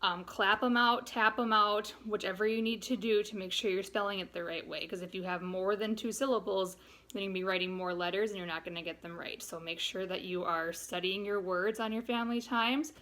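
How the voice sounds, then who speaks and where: In a remote lesson, a third grade teacher, a young adult woman, patiently walks young students through vocabulary and spelling, explaining slowly with examples. She speaks at medium pitch with fairly even intonation and a slightly bright tone.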